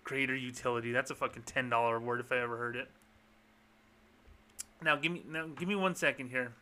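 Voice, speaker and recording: A man's voice: medium pitch, steady tone, a little fast, sharp tone. A man hosting a podcast in a blunt, sarcastic, profane ranting style. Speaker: podcast host.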